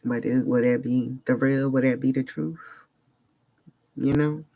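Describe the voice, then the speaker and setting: In a personal vlog monologue, a man speaks earnestly but sounds emotionally unsettled, searching for words in short, halting phrases. His mid-range voice is dark with vocal fry and fairly even intonation.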